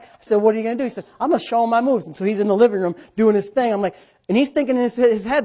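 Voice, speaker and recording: A male pastor in his thirties preaches with a storyteller's energy. He drops to near-murmurs for asides, then jumps up loud and high while acting out the people in his stories. The recording sounds somewhat dull and lo-fi. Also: very fast. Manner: storytelling, animated swings from quiet asides to loud, laughing bursts. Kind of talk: sermon.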